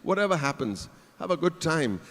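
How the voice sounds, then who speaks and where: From a large conference hall stage, the keynote speaker playfully ribs his listeners. His voice is a little high and a bit bright, sing-song at a moderate pace, carried by the hall's reverberation.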